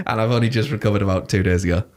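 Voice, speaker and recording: A man's voice: lowish voice, darkish tone. A young man, chatting casually as podcast co-host, rambling and laughing often. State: recovering from a cough. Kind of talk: casual chat.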